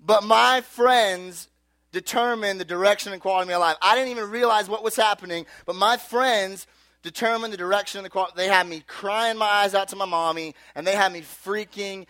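Animated male storyteller with a high voice, loose and filler-heavy, acting out the people he quotes in a sermon. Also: fairly quick, no room sound, clean studio sound.

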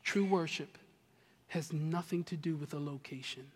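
A man from New Jersey preaching a sermon as pastor, animated and swinging between loud and hushed, with humorous asides. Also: fairly high pitch, moderate pace, slightly rough. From New Jersey, USA. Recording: long reverb of a large hall.

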